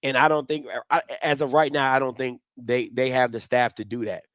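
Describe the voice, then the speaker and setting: A young man hosting a show, delivering blunt, opinionated sports commentary in an animated rant. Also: medium pitch, brisk, no echo, studio quality.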